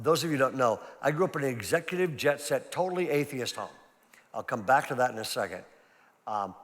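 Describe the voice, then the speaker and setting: A man's voice: a little high, a bit bright. An older man, a pastor, giving a conversational, emphatic seminar talk full of personal stories. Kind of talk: sermon-style seminar talk. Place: large church hall. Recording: long hall reverb.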